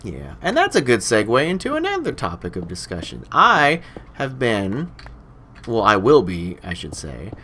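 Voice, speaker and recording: A man's voice: medium pitch, wildly swooping pitch, normal speed, pushed and bright, slight background noise. A young man hosting a game let's play, chatting casually while he plays and rambling with lots of "you know" fillers. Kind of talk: casual commentary while playing.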